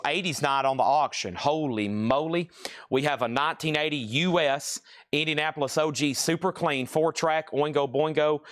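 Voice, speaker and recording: A man's voice: mid-range voice, fairly bright tone, no room sound, clean studio sound. Southern man calling a record auction. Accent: Southern US, Tennessee. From Tennessee. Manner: brisk price calling with joking asides. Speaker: live-stream record sale host.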